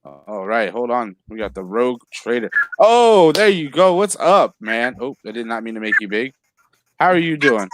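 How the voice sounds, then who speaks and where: A man's voice: medium pitch, sing-song, normal speed, noisy background. A man hosting a casual comics livestream, talking loosely while juggling guests and the chat. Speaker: livestream host.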